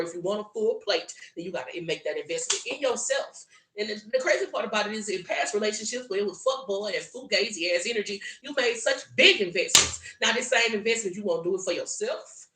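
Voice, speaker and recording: A woman with a South Louisiana Southern drawl delivers a solo tarot reading that is blunt, profane, and preachy. Her voice is medium-pitched and fairly bright, heard in an echoey room.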